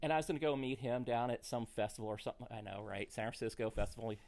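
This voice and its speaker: A man, a comedian, telling a story in casual chat, animated and laughing through it. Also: medium pitch, fast talker. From rural United States. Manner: animated, laughs through his own stories. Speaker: comedian guest.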